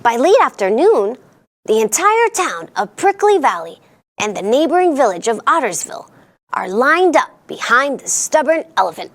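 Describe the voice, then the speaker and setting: Lively, high-voiced woman reading to kids. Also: normal speed. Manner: animated, sing-song storyteller voice with playful character voices. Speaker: children's storytime host. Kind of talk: children's picture book read-aloud.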